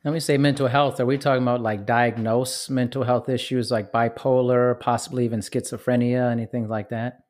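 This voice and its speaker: A woman's voice: very deep voice, little pitch movement, a little fast, few pauses, a little mellow. A woman interviewer asking short, curious follow-up questions.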